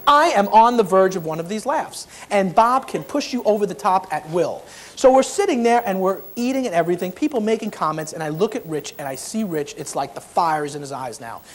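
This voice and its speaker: A man's voice: sits high, lively intonation, brisk. A man giving a humorous keynote talk as a motivational speaker, acting out the people in his story.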